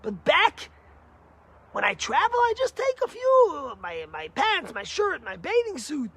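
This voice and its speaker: A man's voice: extremely high pitch, huge pitch swings, unhurried, sharp tone, voice pushed up, exaggerated voice. A man playing a wealthy man who boasts about his possessions, speaking emphatically inside a spoken parable. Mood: proud.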